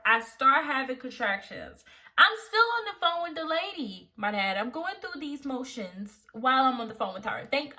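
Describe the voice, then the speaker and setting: A young woman vlogger telling a story in casual chat, animated and laughing often as she acts out the people in it. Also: high-pitched.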